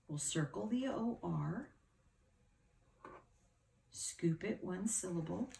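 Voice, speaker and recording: A middle-aged woman teaching a phonics lesson to young children, sounding out words slowly and patiently. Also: lowish voice, creaky, mellow, slight background noise. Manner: slow, patient, over-articulated sounding out.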